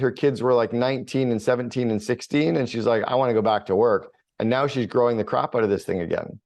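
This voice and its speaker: A middle-aged man, a guest on a business podcast, telling stories in a blunt, energetic and casual way, with plenty of swearing. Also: mid-range voice. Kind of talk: casual conversational interview.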